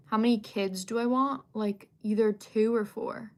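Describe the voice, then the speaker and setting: A woman's voice: fairly high pitch, fairly even intonation, moderate pace. A young woman hosting a livestream, chatting casually and reading out viewer comments, with lots of fillers and giggly asides. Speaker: livestream host.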